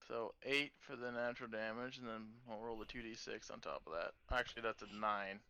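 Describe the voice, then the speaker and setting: Bright-voiced eager tabletop player. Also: medium pitch, fairly even intonation, fairly quick, smooth, highs cut off. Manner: eager, relishes describing violent hits. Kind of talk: casual tabletop play.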